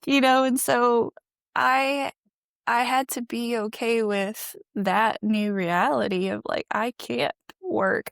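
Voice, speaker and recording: A woman's voice: medium pitch, creaky, clear, resonant tone, no echo, clean studio sound. A woman guest on a podcast, telling her story in an earnest, reflective way and laughing often. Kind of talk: candid conversational storytelling.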